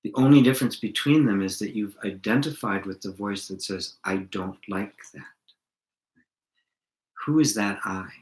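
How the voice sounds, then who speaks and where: A middle-aged man leading a spiritual satsang, talking calmly and asking reflective questions as he answers viewers. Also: lowish voice, a little fast, hardly any pauses, reverberant, poor audio. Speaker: spiritual teacher.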